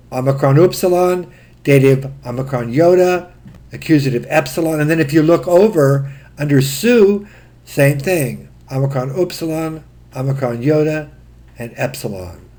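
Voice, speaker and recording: A man's voice: fairly high pitch, measured pace, long pauses, a little mellow. A man giving a recorded grammar lesson, patiently spelling out word forms one at a time. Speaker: Greek instructor.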